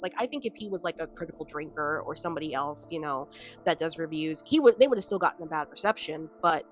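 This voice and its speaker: A woman's voice: deep voice, animated, fast, soft background music. A woman talking casually to camera in a commentary vlog, rambling with lots of fillers and the odd laugh. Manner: rambling, filler-heavy with frequent "like" and "um"; chatty, laughs between points. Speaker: video commentator. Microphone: camera on a stand.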